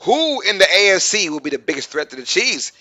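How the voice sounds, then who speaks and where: Animated slangy young man, bright voice. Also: sits high, a little fast. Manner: animated storyteller, slangy, laughs often. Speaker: podcast co-host. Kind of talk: casual sports chat.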